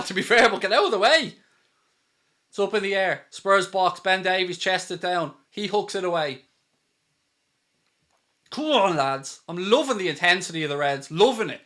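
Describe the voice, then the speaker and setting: A man hosting a live football watchalong, calling the play and reading out viewer super chats, getting excited at big moments. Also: high voice, normal speed, pauses often. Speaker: watchalong host. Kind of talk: live match commentary and chat.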